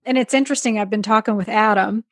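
A woman chats as a podcast guest and tells her stories loosely, with filler words running through them. Her voice sits at a middle pitch. The sound is dry, with no room echo. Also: quick pace. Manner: chatty storyteller, many "like"s. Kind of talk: casual chat.

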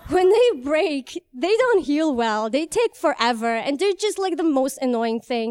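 A young woman from Iran telling a vivid first-person story, animated and laughing as she goes. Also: high-pitched, moderate pace, few pauses, no room sound.

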